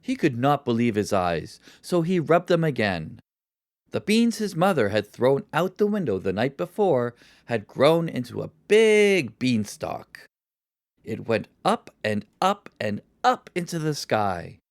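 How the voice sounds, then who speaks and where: A narrator reading a children's story for English learners in a slow, deliberate and expressive way. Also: mid-range voice, no room sound, clean studio sound.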